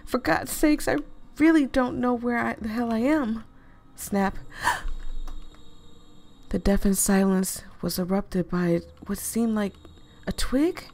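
A woman reading a story game aloud to viewers, animated and expressive, swearing freely and breaking off into laughing asides. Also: fairly high pitch, takes it slowly, pauses often. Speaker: gaming video creator.

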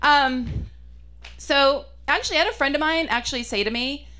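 A young woman performing a stand-up comedy set, chatty and self-mocking, with punchy delivery and quick asides. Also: high voice, pushed and bright, slight background noise.

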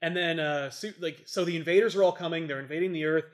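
A man's voice: a little high, fast talker. A young adult man casually recapping a comic book story, rambling with fillers. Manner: rambling, lots of fillers and voices. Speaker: podcast host retelling a comic. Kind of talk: casual chat.

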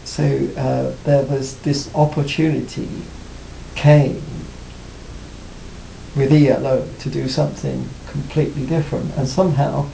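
Man, interviewee, reflective, hesitant, mellow dark tone, faint rumble behind. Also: flat delivery, unhurried, gravelly, reverberant, poor audio. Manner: hesitant, many restarts and "you know". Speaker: interviewee, former band cellist. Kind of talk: reflective casual interview talk.

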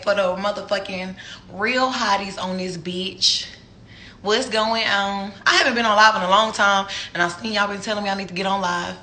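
A woman, ranting on a live stream, profane and heated, slow and emphatic, breaking into laughter. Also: medium pitch, bright, forceful tone, a little hiss or hum.

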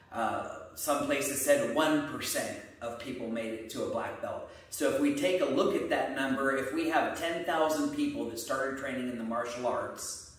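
Steady explaining martial arts teacher guy, mid voice, really echoey room. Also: mid-range voice. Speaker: martial arts instructor and co-host. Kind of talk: casual explanatory chat. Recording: echoey room, mic at a distance.

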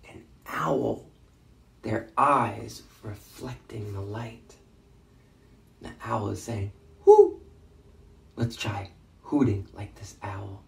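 A man, a literacy educator, reads a picture book aloud to children in an expressive, interactive way, inviting them to join in. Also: fairly low pitch, gravelly, echoey room. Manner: slow, expressive, prompts listeners to join in with animal sounds.

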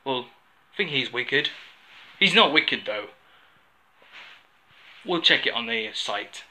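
A man playing a stern police officer who questions a suspect slowly and insistently, repeating his questions. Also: mid-range voice, animated, sharp tone, heavily acted. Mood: pressing.

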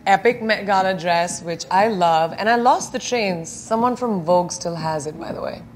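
A woman in her thirties from India, giving playful, chatty quick-fire answers in an interview at home. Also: medium pitch, a little hiss or hum. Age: 30s. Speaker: celebrity guest. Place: indoors at home.

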